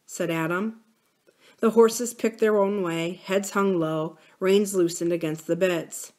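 Brief: a woman reading a classic novel aloud, steady and even. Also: medium pitch, slow pace. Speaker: library book reader.

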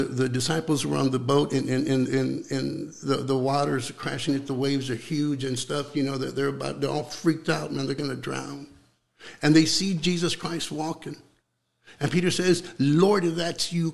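A young man preaching with fervor in an interview, repeating words as he builds, then dropping to a hushed voice for prayer. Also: mid-range voice, steady tone, normal speed, gravelly.

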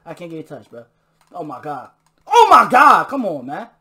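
A man giving excitable live gameplay commentary, trash-talking and bursting into shouts during fights. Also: sits high, moderate pace. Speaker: gamer. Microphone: new desk mic.

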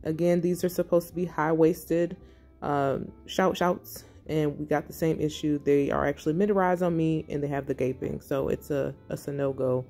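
A middle-aged woman narrating her fashion haul in a quiet, breathy, relaxed ASMR-style voice-over. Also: sits low, moderate pace, soft background music. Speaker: fashion vlogger.

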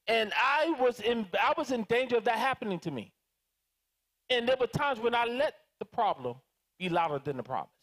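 A man preaching a sermon as pastor, animated and calling out to his congregation for responses. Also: extremely high pitch, moderate pace. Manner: animated, dramatizing prayers in different voices.

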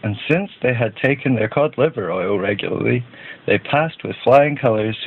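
A man narrating a children's storybook in a gentle, even read-aloud manner. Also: medium pitch, normal speed, breathy edge. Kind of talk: storybook reading. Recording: tinny phone-like band.

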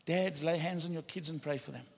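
A man's voice: a little high, fairly quick, creaky, slightly rough. A man preaching a sermon as pastor, rousing his congregation to join in spoken declarations. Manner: rousing, leads congregation in call-and-response declarations. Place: church sanctuary. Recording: church hall with long reverb.

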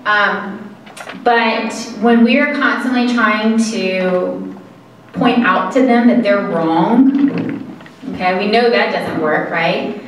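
A woman's voice: medium pitch, a little hiss or hum. Woman, earnest conversational presenter; roomy hall, distant mic. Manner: conversational, earnest, halting pauses. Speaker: caregiving presenter. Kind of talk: informal lecture to an audience. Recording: echoey room from far mic.

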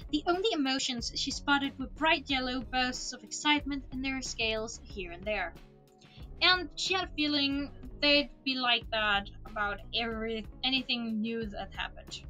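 A woman's voice: high-pitched, normal speed, sharp tone, faint music behind, rough recording. A woman streamer reading a novel aloud expressively, with laughing asides, into a desk microphone.

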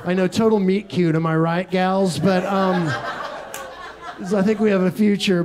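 A young man from Texas, his voice sitting high for a man, works a comedy club crowd with a stand-up set. He tells absurd stories in a deadpan way and drops quick asides between them. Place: comedy club stage with audience laughter.

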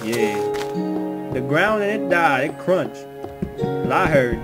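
A man's voice: on the high side, lively intonation, slow. A man giving rambling, jokey let's-play commentary, chatting to the animals in his game. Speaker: gamer. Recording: loud music under the voice. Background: loud music.

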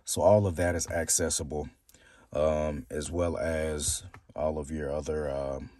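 A man's voice: a bass voice, level tone, a little slow, warm tone, dry recording, studio quality. A man casually demonstrating a car stereo from inside his car, rambling and hesitant with many fillers. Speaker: car audio reviewer.

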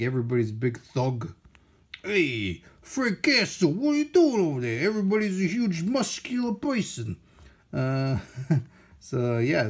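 A man hosting a casual live-stream unboxing, excitable and playful, gushing over his finds and joking with viewers. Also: fairly high pitch. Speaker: unboxing video host.

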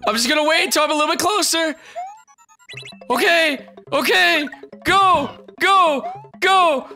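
A hoarse man giving excited gameplay commentary, yelling and swearing as he plays. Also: very high voice, a little slow, pauses often, faint music behind. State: hoarse from shouting. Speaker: video game player.

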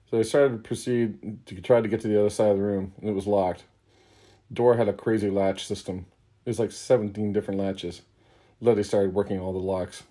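Low, mellow man improvising a story. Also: fairly even intonation, brisk. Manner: laughs at his own story, loose. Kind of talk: improvised comic narration.

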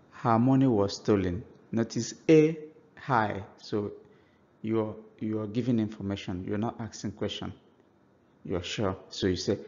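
A man giving a language lesson, slowly and patiently explaining example phrases. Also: on the low side, steady tone, a little mellow, lo-fi sound. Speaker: language teacher.

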